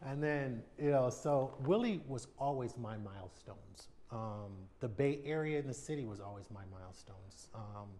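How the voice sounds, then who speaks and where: An American man in his fifties, a retired baseball player, speaks candidly and reflectively as a guest in a sit-down TV interview, acting out quoted voices. His mid-range voice is a little mellow, with a slight hiss or hum on the recording.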